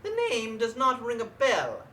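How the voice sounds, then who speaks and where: A woman's voice: fairly high pitch, animated, measured pace, bright, forceful tone, slight background noise. A woman voicing a pompous, theatrical villain professor who insults her henchman. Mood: scheming. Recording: echoey room, distant mic.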